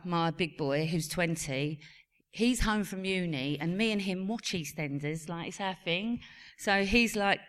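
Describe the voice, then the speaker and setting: A woman in her forties with an English accent telling a lively family story on stage, acting out the voices of her sons. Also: lowish voice, clean tone. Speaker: actress on a reunion panel. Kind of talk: live stage Q&A anecdote. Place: cinema venue on stage.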